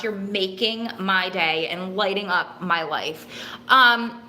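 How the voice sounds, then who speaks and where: A woman's voice: mid-range voice, unhurried, sharp tone, slight background noise. A young adult woman hosting a casual livestream, chatting emotionally and gushing thanks to her viewers. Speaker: host of a livestream for prison families. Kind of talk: casual live chat, reading viewer comments. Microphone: phone.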